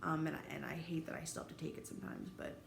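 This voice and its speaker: A woman in her thirties speaking directly to camera in a personal vlog, candid and halting, swearing freely and sounding emotionally raw. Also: deep voice, steady tone, vocal fry. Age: 30s. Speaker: vlogger. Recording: roomy echo, faint ambient noise.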